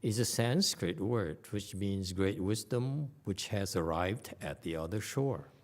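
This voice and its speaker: A man's voice: fairly low pitch, unhurried. A man giving a conversational Buddhist sutra lecture, often stopping to question his audience. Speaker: Buddhist teacher.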